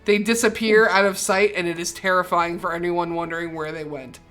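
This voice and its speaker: A woman's voice: lowish voice, steady tone, brisk, a bit bright, soft background music. A woman narrating a tabletop role-playing game as game master.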